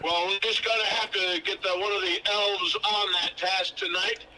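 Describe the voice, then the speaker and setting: A man voicing a jolly old Santa Claus over a speakerphone, booming and chuckling. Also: lively intonation, bright, forceful tone, a little hiss or hum, heavily acted, rough recording. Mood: jovial. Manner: booming, chuckling, slow and cheerful.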